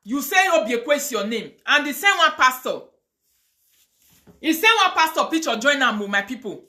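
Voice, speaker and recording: A woman's voice: sits high, lively intonation, moderate pace, sharp tone. A woman with a Nigerian accent ranting on a live video, mixing pidgin, chanting curses and prayers with fire. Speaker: online video host.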